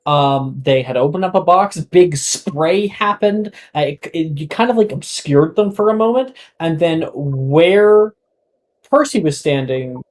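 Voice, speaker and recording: A game master talks a tabletop role-playing session through in an easy, halting way. He leans on fillers and restarts, and his voice sits at a middling pitch. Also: animated, a little mellow, poor audio. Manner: casual, halting, many fillers.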